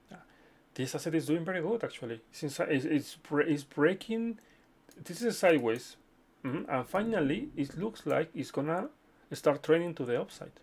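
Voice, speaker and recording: Gravelly-voiced man hosting a live chart stream. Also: mid-range voice, darkish tone. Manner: chatty, repeats okay, addresses viewers as friends. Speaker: livestream host reading viewer chart requests. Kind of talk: casual live chart analysis.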